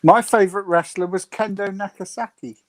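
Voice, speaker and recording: A man's voice: high-pitched, fairly quick, no room sound. A man on a video call chatting on a fan show, dropping dry wisecracking asides. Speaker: guest. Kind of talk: casual chat.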